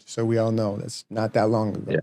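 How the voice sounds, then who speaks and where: Mellow-voiced male podcast host. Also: on the low side, little pitch movement, fairly quick, gravelly. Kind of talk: casual interview talk.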